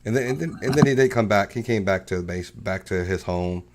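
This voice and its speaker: Man, co-host, casual chat, lowish pitch, lively storytelling. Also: a little fast, noisy background. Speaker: podcast co-host.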